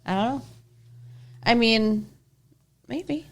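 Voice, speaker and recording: A woman's voice: on the high side, takes it slowly. A woman co-hosting a podcast, recapping a TV plot in casual chat, wry and blunt, laughing often. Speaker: podcast co-host.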